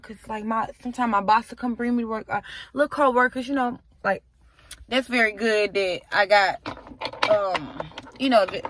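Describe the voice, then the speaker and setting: A woman's voice: mid-range voice, fairly bright tone, no echo. A young woman vlogging to her viewers from inside her car, chatty and openly emotional as she talks to them directly. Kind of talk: casual chat to camera.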